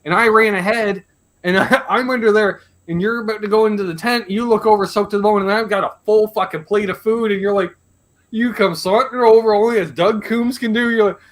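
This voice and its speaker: A Canadian man hosting a casual live chat, telling animated stories and swearing freely. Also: high voice, brisk. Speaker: host.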